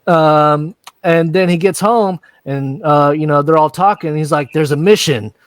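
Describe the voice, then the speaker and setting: American host, rowdy recap chatter, slightly high voice, close dry mic. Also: male voice, dry recording. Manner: rowdy, acts out scenes in quick voices. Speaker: podcast host recapping a show. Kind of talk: casual recap chat.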